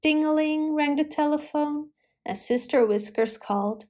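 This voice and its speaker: A woman's voice: sits high, unhurried. Woman reading a children's storybook. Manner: gentle, rhythmic read-aloud.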